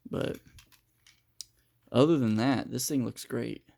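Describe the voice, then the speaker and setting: Gravelly-voiced man reviewing a toy. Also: mid-range voice, slow, warm tone. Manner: hesitant, many fillers and restarts while handling the toy. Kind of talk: casual unscripted review.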